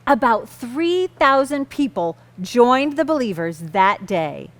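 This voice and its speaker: A woman's voice: a little high, sing-song, takes it slowly. A woman hosting a kids' church lesson, reading a Bible story patiently while keeping a joking partner on track. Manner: patient, gently amused, keeps the story on track.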